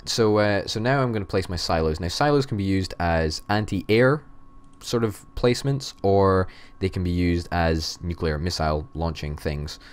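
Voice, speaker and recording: Very deep-voiced young man hosting a game. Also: moderate pace, hardly any pauses, clear, resonant tone. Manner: playful, theatrical announcer tone. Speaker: host, gamer. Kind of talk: let's-play commentary.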